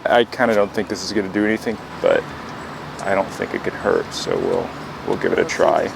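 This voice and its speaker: Traveler, man, gravelly voice, thinking aloud outside, noisy field recording with traffic. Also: low voice, brisk. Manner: candid, unsure, thinking aloud. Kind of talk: casual on-the-spot commentary. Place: outdoors at a roadside garage.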